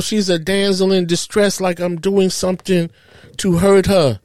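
A man's voice: sits high, unhurried, dry recording. A middle-aged man from New Jersey, telling a painful personal story on a podcast, acting out the dialogue as he goes. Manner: emotional, animated retelling with quoted dialogue.

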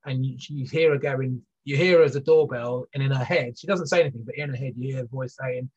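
A man with a husky, slightly rough voice talks through a point as an interview guest. He circles back, restarts and fills gaps with "you know". The audio is dull and muffled. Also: mid-range voice, fast, few pauses, a little mellow. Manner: rambling, many restarts and fillers. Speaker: guest, business leader. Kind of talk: conversational interview.

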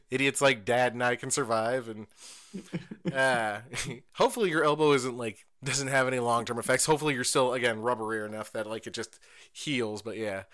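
A young male podcast co-host with a medium-pitched, pushed, bright voice chats casually. He swears, makes jokes at his own expense, and keeps bursting into laughter.

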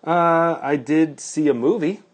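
A man's voice: fairly high pitch, a little slow. A man casually telling a rambling story on a podcast, with lots of fillers and laughs.

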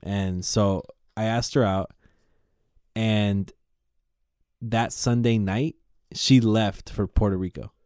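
Male podcast host, low mellow voice, profane rambling storyteller. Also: slow, pauses often, clean tone, no echo, studio quality. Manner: rambling, profane, animated retelling.

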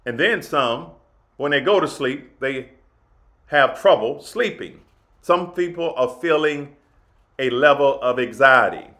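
Slow, deliberate man giving spiritual coaching. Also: mid-range voice, lively intonation, pushed and bright. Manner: deliberate, emphatic, repeats key phrases. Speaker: spiritual coach and podcast host. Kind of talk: motivational spiritual talk.

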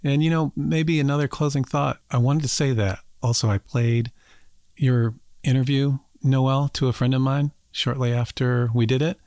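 A man hosting a storytelling podcast, speaking in a measured, sincere way. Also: mid-range voice, steady tone, darkish tone, no echo, clean studio sound. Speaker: podcast host. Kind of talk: interview wrap-up and scripted narration.

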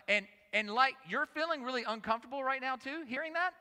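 A man delivers a lively sermon from a stage microphone, his voice high, bright and full of swings in pitch. He presses his points by repeating words and calling on the listeners directly, with a long reverb from a large hall around him. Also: fast, hardly any pauses. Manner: emphatic, repeats phrases, talks to the audience directly. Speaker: conference speaker. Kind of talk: energetic sermon.

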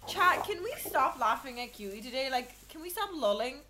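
A high-pitched woman streamer chats and teases her friends, talking to her chat with sudden loud outbursts. There is clear noise behind her voice. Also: brisk. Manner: teasing, animated, loud outbursts. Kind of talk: casual group chat on stream. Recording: noisy background.

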